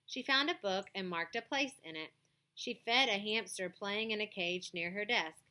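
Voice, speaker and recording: A woman's voice: mid-range voice, normal speed. A woman reading a children's chapter book aloud, with casual asides to listeners. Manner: plain, gentle storybook reading with casual asides.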